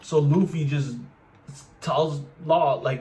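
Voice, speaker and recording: A young man giving an excited, casual manga chapter review, full of slang and filler words. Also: a little high, unhurried, a little hiss or hum. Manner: hyped, lots of "like" and slang.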